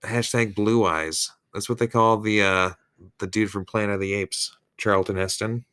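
A man's voice: on the low side, fairly even intonation, normal speed, fairly bright tone, smooth, no room sound, studio quality. A man co-hosting a casual podcast, teasing and bantering playfully. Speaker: podcast co-host. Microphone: studio microphone.

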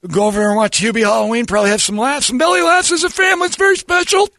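A man doing an impression of a middle-aged football TV analyst who talks haltingly with many filler sounds. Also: extremely high pitch, pushed and bright, no echo, studio quality, heavily acted. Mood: earnest. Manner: halting, full of uhs, earnest self-praise.

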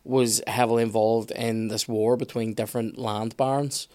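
A man chatting casually on a podcast, opinionated and animated, with some swearing. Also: mid-range voice, moderate pace. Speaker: podcast guest expert.

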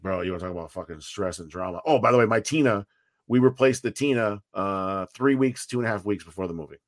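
A man's voice: lowish voice, fast, no room sound, clean studio sound. Profane, rambling man telling stories. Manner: rambling, profane, animated storytelling with restarts. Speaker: writer and producer of a fan film, guest. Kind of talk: casual podcast interview.

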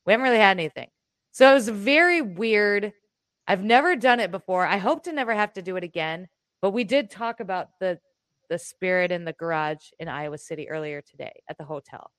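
A woman chatting casually as a co-host at home, telling a personal story in an animated, rambling way with restarts and the odd swear word. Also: mid-range voice, a little fast, no room sound. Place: room in her home.

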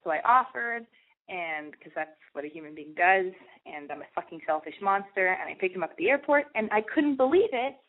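A woman's voice: medium pitch, brisk. Radio host, young woman, rambling, profane, self-mocking confessional monologue over a thin phone-like line. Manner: rambling, self-deprecating, profane, animated when acting out her own past thoughts. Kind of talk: candid personal monologue. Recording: tinny phone-like radio audio.

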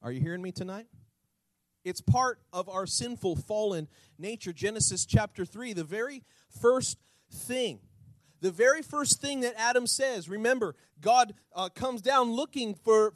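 A man pastor preaching a sermon, animated, asking the congregation rhetorical questions and acting out little scenes. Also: sits high, normal speed, dry recording, poor audio.

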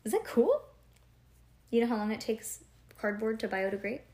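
A woman's voice: a little high, big pitch swings, normal speed, dark tone. Woman, storybook reader at home; casual, chatty, keeps stopping the story for questions and asides, loose "like" and "um" fillers. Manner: conversational, quizzes the listener, digresses with "like" and "um". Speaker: parent reading a storybook aloud to a child.

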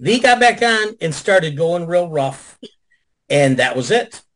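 A man with a slightly raised voice tells stories to a video call audience. He is animated and profane, and he jumps into other people's lines to act them out. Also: fairly high pitch, slow pace, rough recording. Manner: animated, profane, acts out quotes. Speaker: guest. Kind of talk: casual storytelling on a video call.

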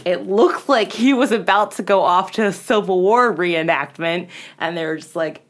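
In a fairly low voice at normal speed, a woman shares ghost stories on a podcast in a chatty, storytelling way. She fills her talk with "like" and performs the quoted lines.

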